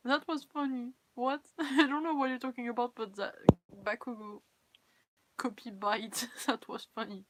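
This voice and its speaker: A woman's voice: high-pitched, lively intonation, unhurried, long pauses, sharp tone, a little hiss or hum. A young woman from France with a French accent, chatting casually and candidly on a live stream in English, her second language. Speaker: cosplay livestreamer.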